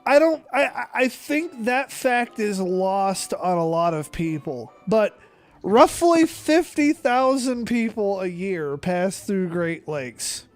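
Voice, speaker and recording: High-voiced, excitable, swearing man. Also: takes it slowly, soft background music. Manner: excitable, heavy swearing, stammering restarts. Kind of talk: casual chat.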